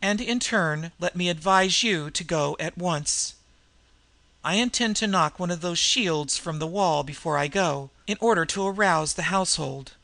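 A man's voice: high voice, normal speed, creaky, no echo, exaggerated voice. A man doing a cool, defiant young woman thief. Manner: cool and steady.

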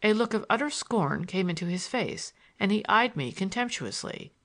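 Expressive woman reading an audiobook. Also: medium pitch, normal speed. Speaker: audiobook narrator. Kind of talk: first-person audiobook narration.

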